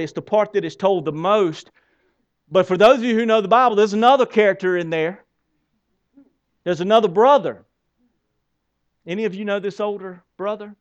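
High-pitched preaching man, lo-fi sound. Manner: animated preaching with rhetorical questions and repeated words; reads scripture aloud with dramatic pauses. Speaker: pastor. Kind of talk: sermon.

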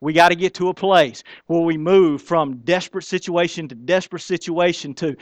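A man's voice: on the high side, brisk, hardly any pauses, no room sound. A man preaching a sermon, talking to the congregation in a conversational way and acting out the lines he quotes. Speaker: pastor.

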